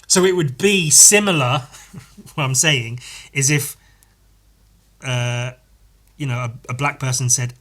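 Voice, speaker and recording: Bright-voiced man rambling on his podcast. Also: mid-range voice, takes it slowly, long pauses. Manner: rambling, self-correcting, swears freely. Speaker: podcast host. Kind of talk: casual solo podcast monologue.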